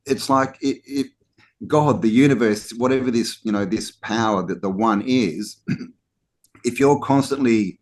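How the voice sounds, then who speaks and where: A man in a casual podcast chat, speaking at an ordinary middle pitch. He is animated and theatrical, slipping into little mock voices, and he stumbles over restarts and fillers as he goes. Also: measured pace. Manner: animated, acts out mock quotes, many "you know" restarts. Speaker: podcast co-host. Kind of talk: casual conversational talk.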